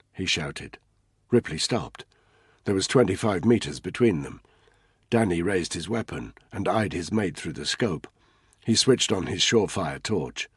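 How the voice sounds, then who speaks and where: A man giving measured, tense scripted narration of a military thriller audiobook. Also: low-pitched, husky, no room sound, clean studio sound.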